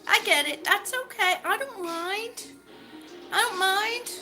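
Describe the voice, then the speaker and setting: A woman's voice: extremely high pitch, slow. A woman chatting on a livestream while out on a walk, rambling and laughing often. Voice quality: rambling, chatty, self-described waffler. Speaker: livestream vlogger. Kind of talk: casual livestream chat while walking. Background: background music.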